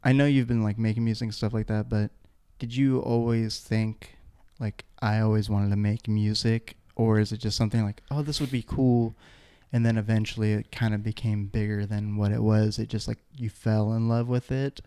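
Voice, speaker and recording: A man's voice: on the low side, little pitch movement, normal speed, warm tone, clear, resonant tone. A man in his twenties hosting a casual chat podcast, rambling loosely as he talks. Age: 20s. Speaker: podcast host.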